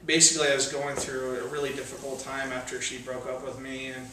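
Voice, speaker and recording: A man's voice: mid-range voice, little pitch movement, a little fast, sharp tone. A young man at a cafe open mic who reads his poems with rising intensity and talks between them in a loose, hesitant way. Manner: intense declaiming readings, hesitant casual asides between poems. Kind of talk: spoken word poetry reading. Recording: very echoey room, mic from far off, faint noise.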